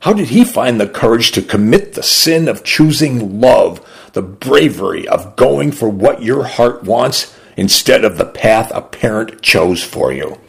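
A man reading a literary short story aloud for a radio program, slow, deliberate and expressive. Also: mid-range voice, creaky, husky.

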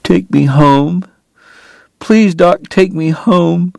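A man's voice: fairly high pitch, steady tone, slow pace, vocal fry, dark tone, no echo, pitched above the performer's own voice, heavily acted. A man voicing a tearful woman pleading with her dying lover, in a storybook reading. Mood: begging. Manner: pleading, tearful, mixes French.

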